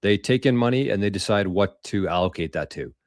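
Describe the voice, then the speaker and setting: A podcast host rambles through a casual live stream, answering viewers in a loose, profane way. His voice sits on the low side, animated and fairly quick. The recording is dry and close, with no room around it.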